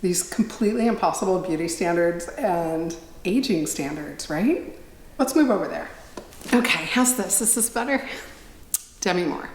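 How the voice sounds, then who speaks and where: A woman's voice: on the low side, expressive, normal speed, a little hiss or hum. A middle-aged woman vlogging in a casual, rambling, self-deprecating chat to her viewers. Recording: roomy echo, faint ambience.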